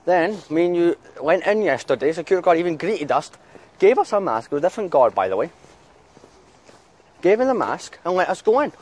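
A man's voice: fairly high pitch, very animated, brisk. A man vlogging outdoors in town, chatting casually and ranting with heavy swearing. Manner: angry swearing rant. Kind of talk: casual vlog chat.

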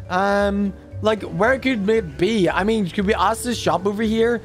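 A man voicing an excitable, cheeky baby boy in game commentary, squealing and talking straight to viewers. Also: sits high, measured pace, soft background music. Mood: excited. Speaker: gaming YouTuber.

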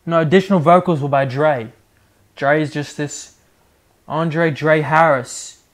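A man's voice: fairly high pitch, fairly even intonation, a little slow. A young man co-hosting a casual music review, blunt and teasing, swearing casually. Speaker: podcast co-host.

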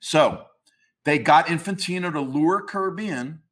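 A man with a fairly high voice talks as an interview guest, pressing his opinions hard. His delivery is emphatic and ranting, and he drops casual swear words. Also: unhurried, fairly bright tone. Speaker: comics historian guest.

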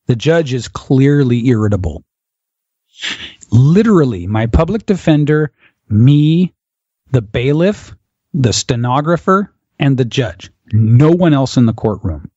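A man's voice: medium pitch, darkish tone, dry recording. A man from the United States, a guest on an interview podcast, telling a vivid personal story and acting out what others said. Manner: vivid storyteller who chuckles and acts out quotes. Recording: dull, dry lo-fi audio.

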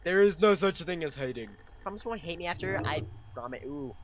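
A man's voice: on the high side, animated, brisk, muffled recording, music in the background. A young man giving playful, swearing gameplay commentary, reading chat lines aloud and reacting with mock drama. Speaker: let's play gamer. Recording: loud keyboard typing behind voice.

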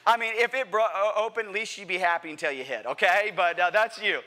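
A man preaching a sermon to a church congregation, animated and playful, asking the crowd questions and acting out what people say. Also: high-pitched, quick pace. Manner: animated, playful, acts out quotes; addresses congregation directly with questions. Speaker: pastor. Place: church sanctuary.

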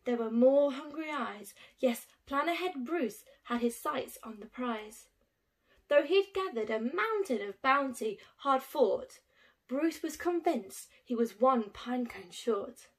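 A woman teacher reading a rhyming picture book aloud to young children in an expressive, sing-song way. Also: sits high, slow pace.

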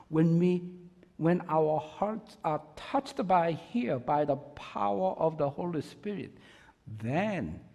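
A man preaches a sermon in a fairly high, animated voice, taking his time over each phrase. He is earnest and emphatic, with an other than English. The church hall around him rings with long reverb. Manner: earnest, emphatic, with rising bursts of energy. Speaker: pastor. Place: church sanctuary.

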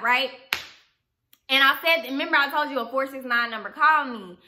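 Profane, animated storytelling woman. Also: sits high, moderate pace, a little hiss or hum. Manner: animated, profane, addresses viewers directly. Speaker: vlogger. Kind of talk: storytime vlog.

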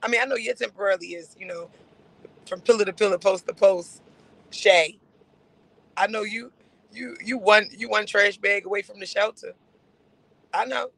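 Sarcastic male streamer with a high, gravelly voice who keeps circling back to the same point. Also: fairly even intonation, normal speed, pauses often, fairly bright tone, no echo, rough recording. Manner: sarcastic, repetitive, laughs between phrases. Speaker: livestream host. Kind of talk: casual livestream rant.

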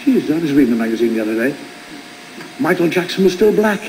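Man, 50s, stand-up comedian, wry storytelling, high lively voice, noisy old TV recording. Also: quick pace. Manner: wry storytelling, acting out both sides of dialogues. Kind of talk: stand-up monologue. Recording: noisy old television broadcast.

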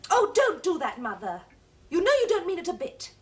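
An actress playing a cool, self-possessed young college-educated daughter who speaks crisply and precisely, in a period film drama. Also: female voice, extremely high pitch, huge pitch swings, moderate pace, exaggerated voice. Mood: cold. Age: young adult.

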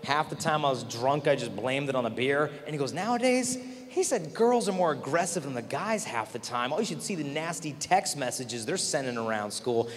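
A man's voice: medium pitch, fairly quick, few pauses. A man telling stories to a large young audience at a conference, acting out the people he quotes. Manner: animated, acts out quoted voices. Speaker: conference speaker. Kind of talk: storytelling talk to a youth audience. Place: large convention hall. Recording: long hall reverb, faint noise.

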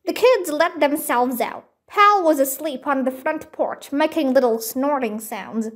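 A woman reading a children's mystery book aloud, slow and careful. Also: high voice. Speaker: storybook reader.

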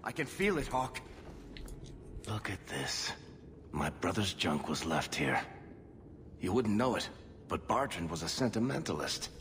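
An actor voicing a wry, confident male dwarf companion in a video game, lively and pressing. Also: sits low, unhurried, long pauses, in a large hall, slight background noise, heavily acted. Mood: earnest.

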